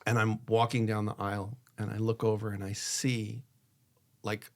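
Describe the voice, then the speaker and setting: A man, a divorce attorney, giving candid marriage advice in a conversational way. He acts out both spouses' lines, and he goes soft and hushed when he shares a personal story. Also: on the low side, level tone, normal speed.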